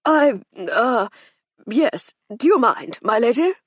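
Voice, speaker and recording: A man's voice: very high voice, big pitch swings, takes it slowly, no echo, studio quality, pitched above the performer's own voice, full character voice. A woman reading an audiobook, voicing a pompous, breezy upper-class army captain who blusters and drawls. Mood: shaken.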